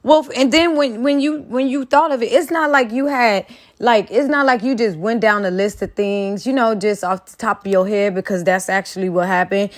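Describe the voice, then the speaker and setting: A woman's voice: medium pitch, normal speed. Heated profane woman ranting. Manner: heated, profane, repetitive rhetorical questions. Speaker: commentator. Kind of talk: angry rant commentary.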